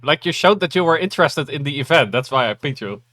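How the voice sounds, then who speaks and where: A man's voice: fairly high pitch, animated, quick pace, sharp tone, dry recording, clean studio sound. A man chatting in a friendly, rambling way on an online book club call, often trailing off mid-sentence. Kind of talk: casual online group chat. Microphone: video call microphone.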